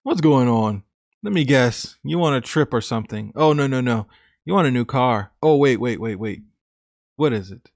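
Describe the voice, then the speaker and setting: A man voicing a suspicious husband in a story reading, pitched a bit lower than his narration, with blunt questions. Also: lively intonation, moderate pace, creaky, a little mellow, no echo, clean studio sound. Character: angry betrayed husband, adult man.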